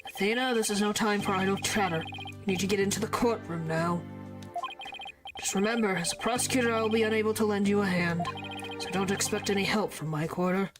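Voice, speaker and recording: A woman's voice: mid-range voice, steady tone, a little fast, natural voice. A woman voicing a stern man, a cold prosecutor who lectures curtly. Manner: curt, lecturing. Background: game music.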